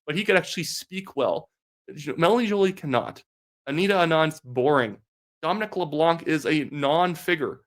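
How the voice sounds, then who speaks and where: A young man from Canada giving casual political commentary, blunt and sarcastic, with lots of "like" fillers. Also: a little high. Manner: fast talk with many filler "like"s.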